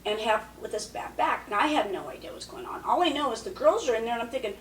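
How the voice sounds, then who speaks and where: A woman's voice: a little high, animated, quick pace, echoey room, recorded from a distance, slight background noise, poor audio. A woman telling stories in casual podcast chat, often acting out what people said. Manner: chatty, acts out quotes. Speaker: podcast guest. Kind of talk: casual storytelling.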